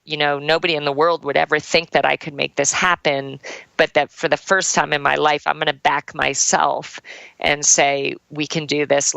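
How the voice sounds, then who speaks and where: Low, gravelly woman telling her story. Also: pushed and bright, no echo, low-quality recording. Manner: earnest, heartfelt, with frequent "like" fillers. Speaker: triathlon champion and coach, guest. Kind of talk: personal storytelling in a podcast interview.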